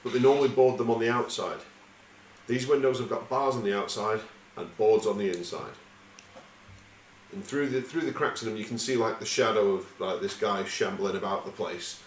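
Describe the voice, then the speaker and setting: Low-voiced game master, rambling. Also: male voice, moderate pace. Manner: rambling, casual, swearing freely. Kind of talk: narrating a tabletop game. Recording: echoey room with faint noise.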